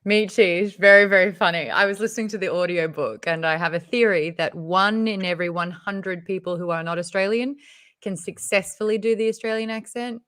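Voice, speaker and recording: A woman's voice: mid-range voice, a little fast, a bit bright, clear, resonant tone. A woman hosting a book club interview, chatty and enthusiastic, often laughing. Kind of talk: casual video interview hosting.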